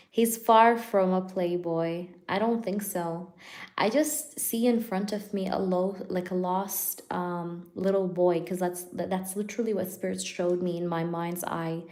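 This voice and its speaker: A woman with a somewhat low voice hosts a laid-back live tarot stream, talking loosely with her audience. She laughs frequently, peppers her speech with "like" and "you know," and goes softer when she asks the spirits to reveal cards.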